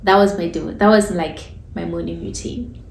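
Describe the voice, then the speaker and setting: A woman's voice: fairly low pitch, fairly even intonation, moderate pace, gravelly. A woman who works as an esthetician, sharing a personal faith testimony in a candid, conversational way with informal phrasing. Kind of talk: personal testimony, casual storytelling. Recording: echoey room.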